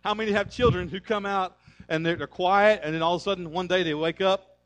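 High-voiced, energetic preaching man. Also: a little fast. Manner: emphatic, energetic preaching with calls to the congregation; conversational storytelling. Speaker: pastor. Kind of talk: sermon.

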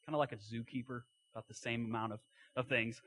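A man's voice: medium pitch, steady tone, fast, fairly bright tone, dry recording. A man preaching a sermon, retelling a story in a folksy way with asides and acted-out quotes.

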